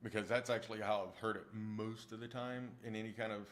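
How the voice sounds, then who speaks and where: Speaking a little fast, this man's low, steady, fairly bright voice comes with a bit of hiss or hum. He's an audiobook narrator streaming live, responding to viewers' comments on his narration in a loose, rambling way with plenty of restarts.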